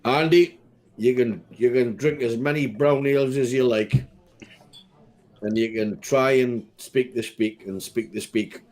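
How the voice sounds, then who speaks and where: A man's voice: medium pitch, measured pace, a little mellow. Guy ribbing his mates on a live stream, laid-back drawl. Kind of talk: casual banter on a live stream.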